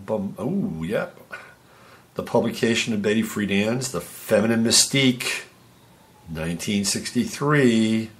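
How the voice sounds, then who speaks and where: A man hosting a podcast, casually reading through dates and birthdays, rambling and humming to himself between items. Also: lowish voice. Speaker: podcast host.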